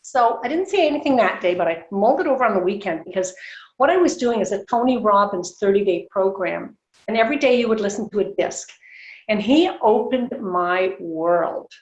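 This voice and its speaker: A woman in her sixties from Canada, a guest telling her story on a video call, animated, laughing often and acting out dialogue. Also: mid-range voice, brisk. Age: 60s. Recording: roomy, muffled video call audio.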